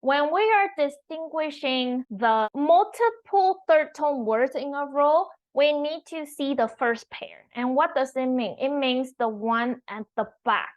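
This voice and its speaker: Patient female language teacher, a touch high-pitched, spells out each example slowly, muffled home recording. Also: expressive. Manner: slow, careful explanation with repeated example words. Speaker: Mandarin teacher. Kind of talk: online language lesson.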